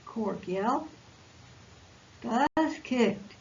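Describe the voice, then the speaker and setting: A woman volunteer reading a picture book aloud to preschoolers in a slow, expressive read-aloud voice. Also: fairly high pitch. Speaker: volunteer storyteller. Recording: lo-fi recording with faint hiss.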